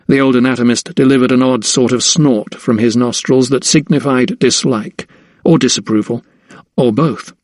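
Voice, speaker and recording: A man narrating an audiobook in a measured storytelling manner. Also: medium pitch, steady tone, a little mellow, no echo, clean studio sound. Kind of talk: scripted narration.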